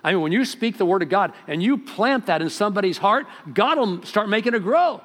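A man's voice: lively intonation, fairly quick, fairly bright tone. Man preaching in an echoing hall. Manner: preaching with sudden rises in volume and pitch. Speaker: pastor. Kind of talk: sermon. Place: church sanctuary. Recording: long hall reverb.

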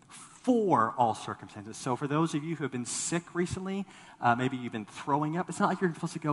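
Husky male pastor preaching in a hall. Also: moderate pace. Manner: animated preaching, voice swelling then dropping low; repeats words when starting a thought. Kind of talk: sermon.

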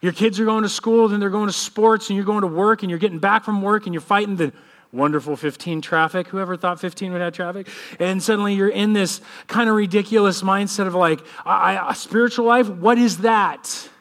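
A man in his thirties, a pastor, praying and then preaching with a lively personal story. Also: high-pitched, fairly quick. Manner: animated storytelling, acts out kids' voices. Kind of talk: sermon with prayer and personal story.

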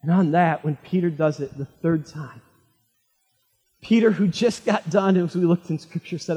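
A man preaching a sermon, retelling a story dramatically and swinging from loud, fervent lines to hushed ones. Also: a little high, fairly even intonation, normal speed, slightly rough. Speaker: pastor. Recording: long hall reverb.

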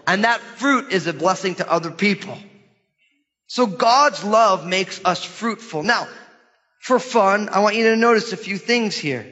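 High, bright-voiced preacher in a hall. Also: male voice. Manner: lively preaching, asks the congregation questions. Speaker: pastor. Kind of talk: sermon. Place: church hall. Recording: dull sermon recording in a large hall.

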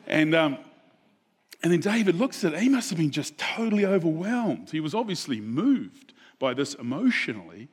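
A man preaching a sermon, telling a Bible story in a relaxed, conversational way and asking the audience questions. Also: fairly high pitch, normal speed, breathy edge. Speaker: pastor.

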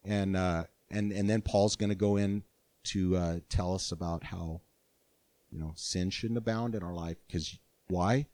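An older man preaching a sermon as pastor, earnest and animated, with frequent restarts. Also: deep voice, measured pace, no echo.

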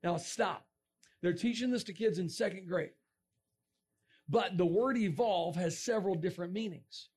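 A middle-aged man giving a lively creationist talk to a young audience, joking and asking the crowd questions. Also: high-pitched, moderate pace, husky. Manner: animated, asks the crowd questions, jokes. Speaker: creationist speaker.

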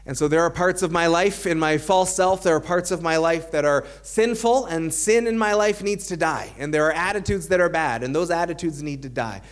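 A man's voice: on the high side, moderate pace, few pauses. A man preaching a sermon as a pastor, earnest, building to emphatic points, with dry self-aware humor.

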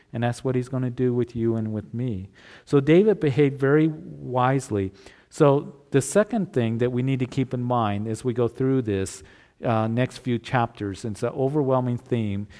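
In a mellow delivery, a man preaches with earnest, chatty warmth at an unremarkable middle pitch. As he reasons his way through the sermon, he sometimes starts a phrase again.

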